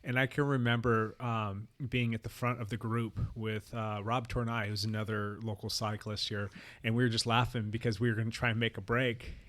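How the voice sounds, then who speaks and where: A man's voice: lowish voice, normal speed. Casual male podcast storyteller. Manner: animated, laughing storyteller. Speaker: podcast host.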